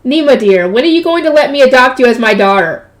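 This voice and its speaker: A woman reading the lines of a hearty old male general, close to her own high voice. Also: animated, fast talker. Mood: doting.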